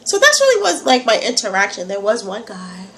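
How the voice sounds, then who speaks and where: A woman's voice: medium pitch, wildly swooping pitch, a little fast, fairly bright tone, slight background noise. A young woman from New York with a slight Southern country accent and a stuffy nose, chatting animatedly to her phone camera and digressing often. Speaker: vlogger. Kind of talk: casual talk to camera.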